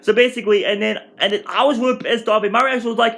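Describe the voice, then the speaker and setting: A man in his twenties telling a rambling, excitable storytime rant at home for his vlog, restarting his sentences often. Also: high-pitched, fast, few pauses. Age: 20s. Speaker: vlogger.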